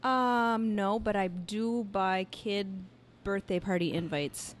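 A woman's voice: medium pitch, slow. A woman guesting on a casual podcast in a shop, playful and chatty as she talks up the venue. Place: shop on location.

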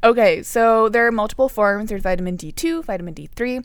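A woman's voice: fairly high pitch, expressive, a little fast, no room sound. A woman co-hosting a casual podcast, explaining nutrition topics and laughing often.

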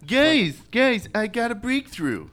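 A man's voice: extremely high pitch, sing-song, slow, a bit bright. A man playing a flustered writer in an improv comedy scene. He stammers and hesitates, his voice swinging widely up and down. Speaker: improv performer.

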